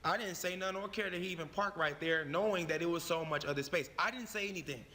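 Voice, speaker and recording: A man's voice: high voice, fast, bright, forceful tone, in a large hall. A man telling a personal story in a profane, emphatic way, repeating his phrases for effect. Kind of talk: animated storytelling.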